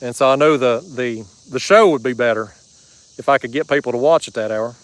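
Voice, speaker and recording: Here a kayak fishing livestream plays out on a river outdoors, with the host chatting casually and reading viewer comments aloud in a folksy drawl. He speaks a little fast in a mid-range voice; there's no room sound, but the recording is rough.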